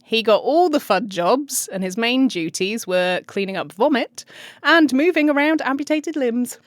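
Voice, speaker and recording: A woman's voice: a little high, animated, unhurried, dry recording, clean studio sound. A woman with a British accent hosting a true crime podcast, reading her story in a chatty, giggly way. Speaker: podcast host.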